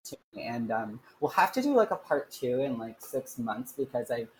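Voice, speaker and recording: A man's voice: mid-range voice, big pitch swings, normal speed, slight background noise, poor audio. A man talking as a podcast guest, earnest and rambling, with many fillers and restarts. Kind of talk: casual chat.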